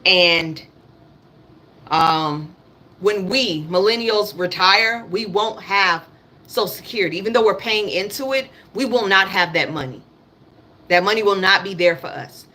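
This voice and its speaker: At a medium pitch and unhurried pace, a woman in her thirties delivers a blunt political rant on her casual livestream. Her voice is pushed and bright, and she speaks African American English, swearing and repeating her points.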